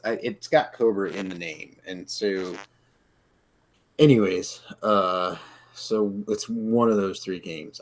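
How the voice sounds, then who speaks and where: Low gravelly man, rambling casually. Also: low-quality recording. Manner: rambling, halting, many fillers. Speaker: podcast co-host. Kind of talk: casual chat. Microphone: online call.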